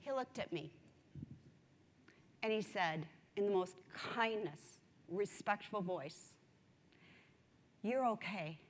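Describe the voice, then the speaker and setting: A woman giving a conference speech, telling a story in an animated, self-mocking way. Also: mid-range voice, takes it slowly, pauses often, a little hiss or hum. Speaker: conference speaker. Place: large conference hall. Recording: long hall reverb.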